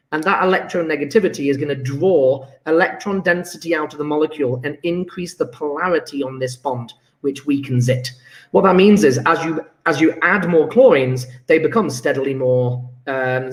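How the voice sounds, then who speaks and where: A chatty man teaching chemistry, his voice sitting a little high for a man. He thinks aloud and gets enthusiastic as he works through homework answers. The sound bounces around an echoey room. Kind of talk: recorded homework review lesson. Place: classroom.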